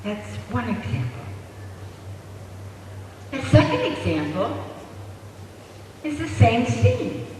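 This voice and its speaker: A man giving a parenting lecture to an audience, telling stories slowly and asking the room rhetorical questions, recorded in an echoey hall from far off. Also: extremely high pitch, huge pitch swings, a little mellow. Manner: slow, storytelling delivery with rhetorical questions to the audience. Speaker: parenting speaker. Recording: echoey hall, voice far from mic, faint noise.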